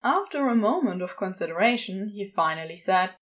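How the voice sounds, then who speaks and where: A woman reading a comic story aloud as a narrator, with a wry, expressive delivery. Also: mid-range voice, fairly quick, few pauses. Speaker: podfic reader.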